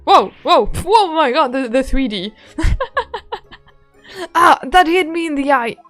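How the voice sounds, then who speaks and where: A woman's voice: high voice, animated, takes it slowly, pauses often, a bit bright, faint music behind. A woman streamer reacting casually and giggling while playing a story game.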